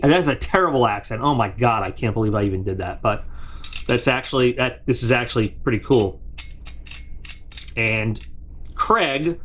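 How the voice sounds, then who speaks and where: A man of middling pitch hosts a casual unboxing review and talks straight to his viewers. He rambles in a chatty way, doubles back on himself, and drifts into side remarks before returning to the item in his hands. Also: animated, moderate pace, long pauses, fairly bright tone, slight background noise. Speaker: product reviewer and channel host.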